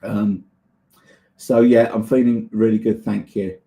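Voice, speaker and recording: A man hosts a relaxed livestream, chatting with viewers at an easy pace. His voice has a gravelly, creaky edge, and his speech is full of ums and uhs. He laughs often as he answers their comments. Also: fairly low pitch, unhurried. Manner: chatty, hesitant with many fillers, laughs often. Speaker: livestream host reading chat. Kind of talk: casual chat.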